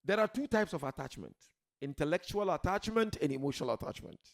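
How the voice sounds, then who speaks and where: Fast and animated, a man with a gravelly voice on the high side preaches a sermon to a gathering. He veers between soft pleading and loud shouts, firing off rhetorical questions and repeating his key words.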